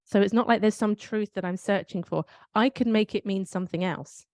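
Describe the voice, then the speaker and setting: A British woman from the UK speaks in a medium-pitched, brisk, darkish voice on a dry, studio-quality recording. Co-hosting a podcast, she keeps things casual and conversational, telling reflective stories broken up by self-questioning asides.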